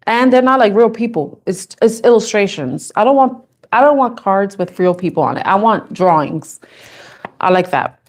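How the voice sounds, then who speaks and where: A woman's voice: mid-range voice, animated, normal speed. Giggly, chatty woman tarot reader. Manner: chatty, giggly, thinks aloud with restarts. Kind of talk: casual live tarot reading chat.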